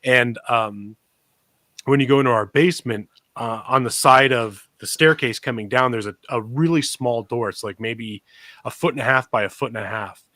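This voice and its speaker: A man co-hosts a casual podcast, telling a story that wanders. He laughs often and restarts his sentences. His voice sits at a middle pitch, recorded dry and close on the mic. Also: moderate pace, pushed and bright, no room sound. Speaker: podcast co-host.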